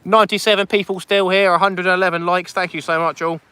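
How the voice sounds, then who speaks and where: A man's voice: sits high, level tone, quick pace, pushed and bright, smooth, no echo. A man chatting casually on a fishing livestream outdoors on a beach at night, reading out viewer comments as he goes.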